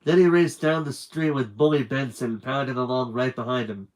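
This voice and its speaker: A man reading a children's book aloud on a live stream with lively, animated narration and chatty asides. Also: medium pitch, moderate pace, poor audio.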